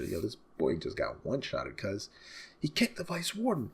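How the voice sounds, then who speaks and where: A man hosting a live manga reading reaction, animated and slangy, laughing often. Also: lowish voice, moderate pace, gravelly, breathy edge.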